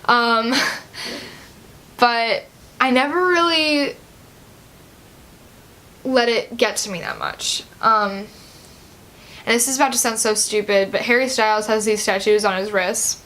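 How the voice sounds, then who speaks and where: A woman's voice: on the high side, takes it slowly, pauses often, pushed and bright, a little hiss or hum. A teenage girl of about seventeen vlogging a personal story, chatty and loose, with many "like" and "um" fillers. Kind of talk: casual personal story to camera.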